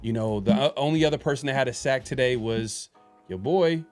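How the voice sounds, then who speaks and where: A man in the middle of a casual sports podcast conversation, mid-range in pitch. He talks in a loose, rambling way, full of fillers and false starts. Faint music plays underneath. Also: a little fast, a little mellow. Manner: rambling, hesitant, many fillers and restarts. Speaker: podcast host.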